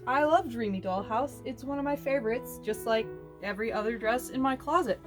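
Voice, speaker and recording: A woman chatting casually to camera as a fashion vlogger, animated and snarky, laughing often. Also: on the high side, moderate pace, over music.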